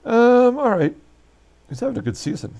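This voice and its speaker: A man's voice: very high-pitched, wildly swooping pitch, normal speed, gravelly, darkish tone. A man hosting a baseball season replay, giving casual commentary and recapping results while thinking aloud with fillers and self-corrections.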